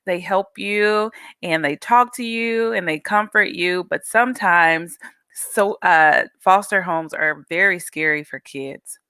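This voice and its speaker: A woman reading her children's book aloud slowly and expressively, coaching young listeners to repeat affirmations. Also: on the low side, sharp tone, clear, resonant tone, no room sound. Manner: slow, emphatic storytelling, coaching children to repeat.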